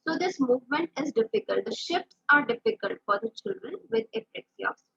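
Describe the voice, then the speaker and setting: A woman's voice: high voice, big pitch swings, a little fast, vocal fry, fairly bright tone, muffled recording. A woman speech therapist with an Indian English accent, explaining a speech disorder with examples and frequent fillers. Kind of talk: explanatory lesson.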